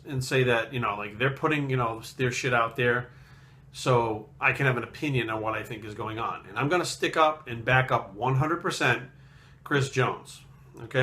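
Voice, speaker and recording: A man's voice: medium pitch, pushed and bright. Blunt, profane man ranting heatedly. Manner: blunt, profane, heated, mimics others in quotes. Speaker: fitness video host. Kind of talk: casual ranting monologue.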